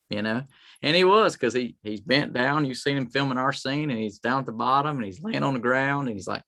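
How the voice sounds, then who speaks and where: A man speaks as a guest in a casual interview, a tribute performer telling meandering anecdotes and often reenacting what others said. His medium-pitched voice has a sharp tone, and his pace runs a little fast.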